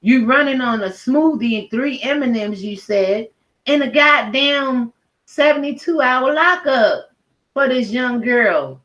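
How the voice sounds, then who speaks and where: Woman going off in a heated rant, swearing a lot, kinda high voice. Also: lively intonation, a little slow, fairly bright tone, lo-fi sound. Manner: heated, profane, emphatic. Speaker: YouTube commentator. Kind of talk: angry rant to camera.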